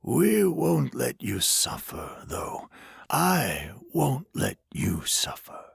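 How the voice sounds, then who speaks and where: A man voicing a gentle, eerie ghostly stranger who speaks in a soft, comforting half-whisper. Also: on the high side, sing-song, extremely slow, vocal fry, husky, no echo, clean studio sound, voice pushed up, heavily acted. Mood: soothing.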